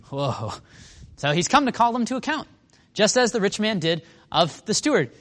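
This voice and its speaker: A man teaching a Bible study in a casual, animated way, acting out quotes and asking the class questions. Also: sits high, moderate pace. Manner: animated, acts out quotes, asks the room questions.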